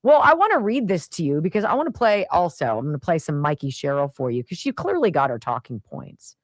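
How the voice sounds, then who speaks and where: A woman's voice: low-pitched, sing-song, fairly quick, no echo. A middle-aged woman hosting a radio talk show, opinionated and sarcastic, laughing often.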